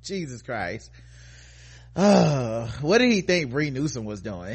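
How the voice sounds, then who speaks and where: A man's voice: medium pitch, very animated, slow, breathy edge. A man co-hosting a podcast, reading news stories aloud and mocking them in casual comedic commentary, laughing often. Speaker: podcast co-host.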